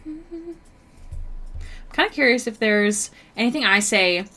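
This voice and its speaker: A woman's voice: mid-range voice, normal speed, fairly bright tone, faint music behind. A young woman with a Canadian accent, chatting casually with her viewers while she draws on stream, bubbly and full of fillers. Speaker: art streamer. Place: home streaming setup.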